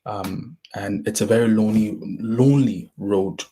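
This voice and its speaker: A young man with a Ghanaian accent hosting a casual motivational talk, halting and rambling, often restarting his sentences. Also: on the low side, steady tone, a crowd in the background. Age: young adult.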